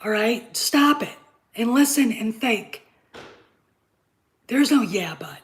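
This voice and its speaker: A woman's voice: a little high, animated, slow, low-quality recording. A woman hosting a live stream, lecturing her chat insistently, repeating her points and checking in with "okay?".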